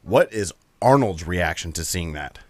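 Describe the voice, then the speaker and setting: Man with a lowish voice, dry close sound, joking, swearing player. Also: expressive, dry recording. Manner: joking, swears freely, quick questions. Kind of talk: casual tabletop game chat.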